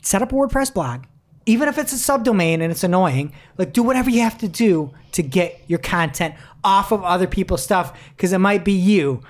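A woman's voice: mid-range voice, lively intonation, a little fast. A woman host in casual chat, reading articles aloud with a wry, giggly manner. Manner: giggly, wry, laughs mid-sentence. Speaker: podcast host.

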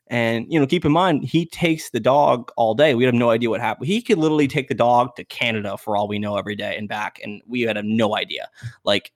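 A man's voice: mid-range voice, fairly quick, no room sound, studio quality. A young man in casual storytelling, rambling with many fillers and acting out quotes in a raised voice. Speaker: podcast guest.

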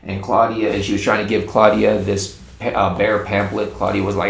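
A man with a low, gravelly voice tells a secondhand story in a loose, rambling way. He trips over his words and restarts often as he goes. The recording has a roomy echo with faint ambience behind it. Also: a little fast, few pauses. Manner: animated, rambling, frequent restarts.

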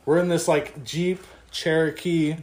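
A young man tells a story on a podcast, slipping into the voices of the people in it and swearing freely. His voice sits a little high. The room has a noticeable echo. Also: a little slow. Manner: animated, swearing, acts out quotes. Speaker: podcast co-host. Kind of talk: casual chat, storytelling. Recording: echoey room.

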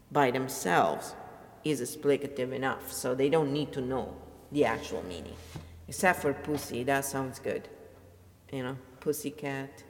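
A woman's voice: low voice, big-room sound. A middle-aged woman, ranting bluntly and swearing freely in a rambling personal vlog. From Italy. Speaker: vlogger. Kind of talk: personal rant to camera.

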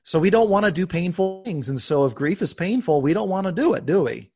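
A man's voice: sits high, brisk, faint music behind. Earnest American man confessing on a podcast. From United States. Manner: earnest, confessional, animated with laughs. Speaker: podcast host. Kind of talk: conversational podcast talk.

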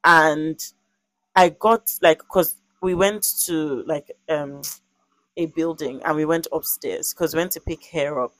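Animated young woman telling a story, dry sound. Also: sits low, measured pace, no room sound. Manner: animated and expressive, with vivid acted-out quotes; frequent "like" fillers. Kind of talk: casual conversational storytelling.

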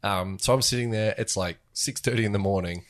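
A man with a low, deep voice, chatting casually as a podcast co-host. He rambles through stories with plenty of ums and restarts. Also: fairly quick. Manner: rambling, filler-heavy storytelling. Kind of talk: casual chat.

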